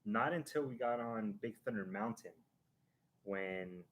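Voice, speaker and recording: Lower-voiced man telling a rambling story. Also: a little slow, a little hiss or hum. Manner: animated, acting out a ride with sound effects; rambling, with restarts and fillers. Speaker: host of a live stream. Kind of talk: casual chat, storytelling.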